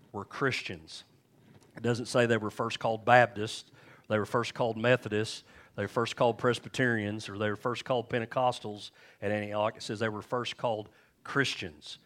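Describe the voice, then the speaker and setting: A man's voice: medium pitch, a bit bright. A man preaching a sermon to his congregation, telling stories in a folksy, conversational way. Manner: folksy storytelling, addresses congregation directly. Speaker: pastor. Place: church.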